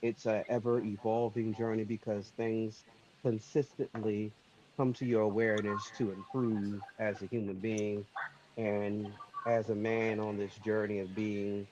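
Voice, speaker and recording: A man joining a panel by video call, speaking in a measured, reflective way. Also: lowish voice, level tone, darkish tone. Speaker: panel guest. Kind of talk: panel conversation. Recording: dull lo-fi call audio.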